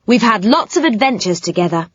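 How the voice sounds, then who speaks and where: A woman's voice: medium pitch, very animated, brisk, slightly rough, no room sound, voice pushed up. A woman reading a children's audiobook, voicing a friendly, sensible boy who explains things patiently. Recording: slightly muffled, dry sound.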